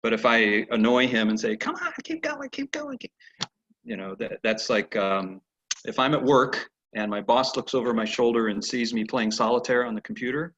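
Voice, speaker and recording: Husky man teaching over a video call. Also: medium pitch, normal speed. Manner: animated storyteller who acts out horses' replies. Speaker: horse training instructor. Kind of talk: teaching a virtual lesson. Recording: dull lo-fi video call audio.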